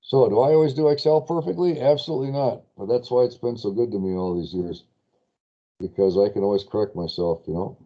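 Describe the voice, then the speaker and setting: A man lecturing a class on lease finance in a spreadsheet, chatty and quick to correct his own slips while asking students questions. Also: medium pitch, highs cut off.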